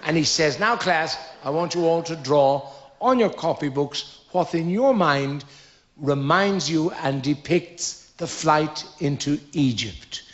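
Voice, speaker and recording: Middle-aged Dublin Irish man, stand-up storyteller, fairly high voice, dull lo-fi sound. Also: slow. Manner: lively storyteller, acts out characters in his own voice. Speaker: comedian. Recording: dull lo-fi live recording.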